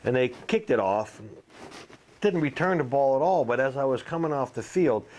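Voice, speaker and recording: A man and former football player telling salty, animated anecdotes in a casual interview, full of fillers. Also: mid-range voice, normal speed, a little hiss or hum. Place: outdoors at a golf tournament.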